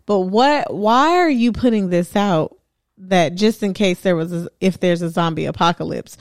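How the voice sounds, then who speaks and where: A woman's voice: a little high, darkish tone, no echo, studio quality. A woman co-hosting a podcast, curious and laughing in casual chat. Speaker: podcast co-host.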